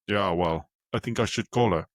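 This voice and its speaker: A man voicing his elderly South African grandfather in a put-on Afrikaner English accent, calm and understated. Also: lowish voice, normal speed, no room sound, clean studio sound, close to an everyday voice. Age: 70s.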